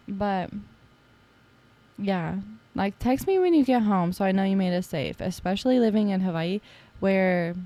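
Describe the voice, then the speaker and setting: A young adult woman with a dark-toned, medium-pitched voice hosts a casual solo podcast. She talks in a chatty, playful way, throwing in teasing asides and lots of fillers.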